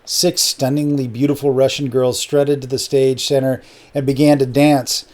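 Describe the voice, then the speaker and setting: A man narrating an audiobook novel in a steady, matter-of-fact way. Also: medium pitch, normal speed. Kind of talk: scripted narration.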